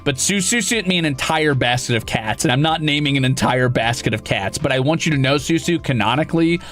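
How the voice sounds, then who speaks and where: A man streaming and chatting casually, excitable and profane, with sudden loud outbursts. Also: mid-range voice, a little fast, faint music behind. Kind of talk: casual live-stream chat.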